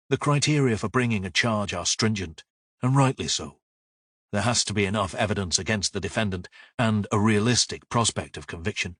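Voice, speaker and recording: A man reading a crime audiobook in calm, even narration. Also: fairly low pitch, breathy edge, dry recording, studio quality. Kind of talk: scripted narration.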